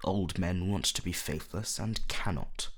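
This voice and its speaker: Languid, epigrammatic lord, played by a man, slow and gravelly. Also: low-pitched, exaggerated voice. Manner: drawling, epigrammatic. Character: languid witty aristocratic gentleman, lord.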